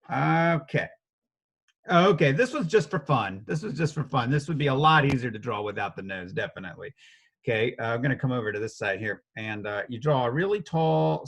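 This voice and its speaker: A man's voice: medium pitch, fairly bright tone. A man teaching a casual step-by-step drawing lesson, talking playfully as he sketches and chuckling often.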